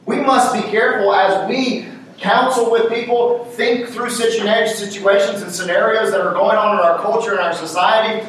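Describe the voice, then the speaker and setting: A man's voice: sits high, fairly bright tone. A man preaching a sermon as pastor, repeating his points with emphasis and asking his listeners rhetorical questions. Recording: echoey church room, mic far off.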